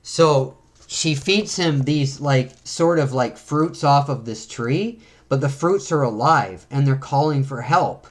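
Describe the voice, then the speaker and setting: Chatty man reading a comic aloud. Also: mid-range voice. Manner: chatty, reads panels aloud with quick character voices. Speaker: comic book reviewer. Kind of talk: casual read-through of a comic.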